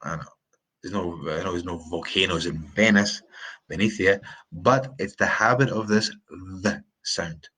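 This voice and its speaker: A man teaching English pronunciation in a live-streamed lesson, repeating words slowly to drill the sounds. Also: deep voice, pushed and bright, husky.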